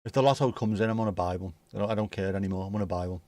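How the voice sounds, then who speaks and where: A man's voice: on the low side, rapid-fire, warm tone, no room sound. Laid-back sweary man. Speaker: streamer hosting a football watchalong. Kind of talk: casual live match commentary.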